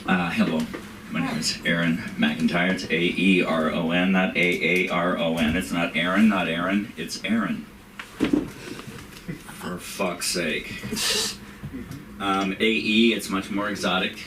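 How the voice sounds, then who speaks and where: A man opening a stand-up set in a dry, deadpan manner. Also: low-pitched, unhurried. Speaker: stand-up comedian. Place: comedy club stage. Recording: echoey room, distant mic, noise.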